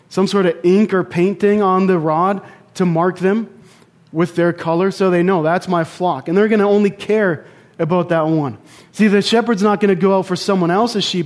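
This casual sermon comes from a young man whose voice sits high and is a little mellow. He talks conversationally, telling personal stories with asides and restarts.

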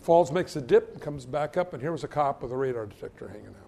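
A man's voice: medium pitch, lively intonation, fast talker, vocal fry, dark tone, a little hiss or hum. A male pastor preaching a sermon, telling stories with self-mocking humor and stammered restarts.

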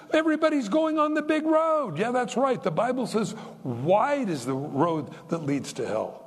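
Male preacher, high husky voice, folksy sermon, long hall reverb. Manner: folksy, animated preaching with humorous asides.

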